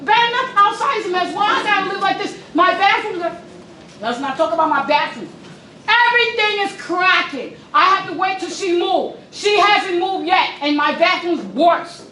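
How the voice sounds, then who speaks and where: An upset woman with a very high voice pours out an emphatic, pleading complaint at public comment. She sounds distant from the mic, her words ringing around an echoey meeting room with a faint hiss beneath. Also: normal speed, bright, forceful tone. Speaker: resident speaking at public comment. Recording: echoey room, picked up from afar.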